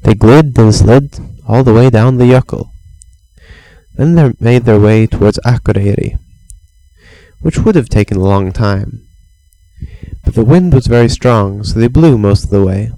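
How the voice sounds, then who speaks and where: A man's voice: on the low side, a little slow, dark tone, no room sound, low-quality recording. A man improvising a playful, meandering bedtime story for a child, with chants and sound effects.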